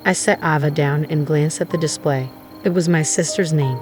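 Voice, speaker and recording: A woman narrating a first-person drama story in a measured, grave tone, with music playing underneath. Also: low voice.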